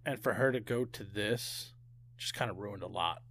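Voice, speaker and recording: A man's voice: lowish voice, normal speed, fairly bright tone. A young man co-hosting a casual movie review chat, joking and agreeable, swearing now and then. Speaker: podcast co-host.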